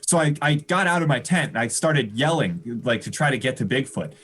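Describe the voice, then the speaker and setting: A man improvising a rambling comedy story on a live stream, animated and laughing at his own jokes. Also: mid-range voice, fairly quick, slightly rough.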